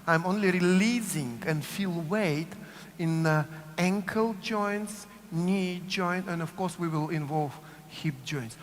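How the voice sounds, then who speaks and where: Speaking slowly in a high-pitched voice, this Russian-accented man teaches a dance workshop by chanting cue words rhythmically, repeating them, and checking in with frequent "yes?"s. Long hall reverb and faint room noise surround him.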